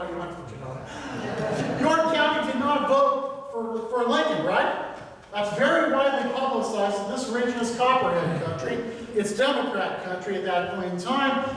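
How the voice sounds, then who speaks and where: A man's voice: extremely high pitch, fairly bright tone, slight background noise. A man giving a local history talk, telling the story conversationally with filler words, recorded from a distance in a hall. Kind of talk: public history lecture. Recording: echoey hall from far off, faint ambience.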